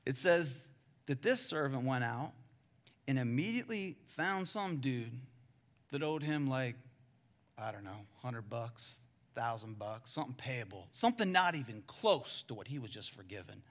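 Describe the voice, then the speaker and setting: A male pastor preaching a sermon in a conversational way, calling the crowd guys and swinging between hushed and loud. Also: medium pitch, expressive, normal speed.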